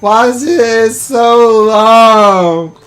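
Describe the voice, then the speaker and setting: A man's voice: very high voice, drawn-out words, a bit bright, smooth, soft background music. A man giving casual commentary while playing a co-op game, exasperated and exclaiming, laughing often. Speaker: co-host gamer.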